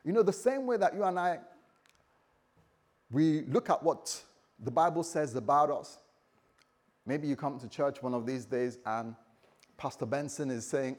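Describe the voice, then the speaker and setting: A male pastor preaching a sermon in a church, animated and joking, acting out the stories he tells. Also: mid-range voice, normal speed, long pauses.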